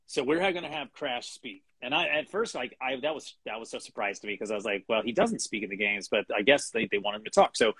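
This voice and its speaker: Middle-aged man, interview guest, husky voice, dry close sound, halting, lots of fillers and restarts. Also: medium pitch, lively intonation, fairly bright tone, no echo. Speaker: guest, animation writer. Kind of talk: casual interview chat.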